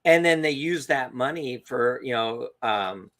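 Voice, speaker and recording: A man co-hosting a podcast, telling a story in a casual, animated way and acting out the quotes. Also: medium pitch, a little slow. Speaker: podcast co-host.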